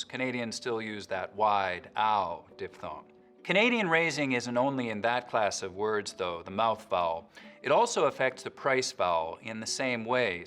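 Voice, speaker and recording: A man explaining accent features in a lesson, slowly demonstrating each vowel sound with precise, drawn-out examples. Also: fairly low pitch, expressive, a bit bright, faint music behind. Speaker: accent expert.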